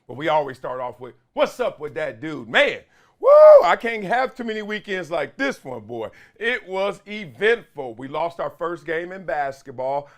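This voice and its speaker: A man talks straight to his viewers in a loose, slangy monologue, his voice a little higher than most men's. He tells stories in an animated way, breaking into loud exclamations. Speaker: show host; father and youth coach. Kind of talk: casual solo talk-show monologue.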